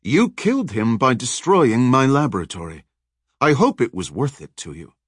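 A male audiobook narrator voicing a cold, menacing villainous woman who speaks slowly and with confidence. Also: mid-range voice, very animated, slightly rough, no echo, studio quality. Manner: cold, slow and gloating.

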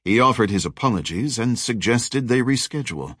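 A man's voice: mid-range voice, animated, brisk, a bit bright, breathy edge, dry recording. A man reading an audiobook in a wry, dry storytelling manner. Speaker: audiobook narrator. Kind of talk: scripted narration.

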